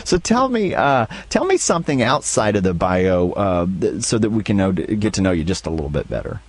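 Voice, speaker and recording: A man's voice: on the low side, sing-song, fairly quick. A man hosting a talk show, chatting casually with many fillers, introducing events and guests. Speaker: radio show host. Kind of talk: casual radio chat.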